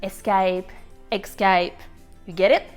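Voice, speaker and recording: A woman's voice: medium pitch, fairly even intonation, slow, soft background music, voice pushed down, natural voice. A woman voicing a chatty, easily flustered little male egg who leads his friends, in a storytime read-aloud. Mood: musing.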